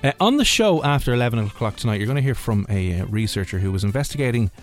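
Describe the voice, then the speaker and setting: A man's voice: medium pitch, animated, fast talker, soft background music. A man hosting a radio show, chatting casually in a rambling, jokey way. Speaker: radio host.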